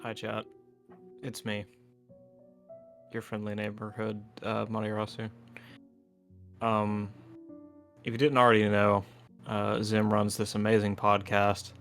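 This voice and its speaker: A man chatting casually to stream viewers over voice chat, relaxed and rambling with lots of fillers. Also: lowish voice, measured pace, long pauses, soft background music. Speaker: tabletop game player and stream co-host. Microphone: voice chat microphone.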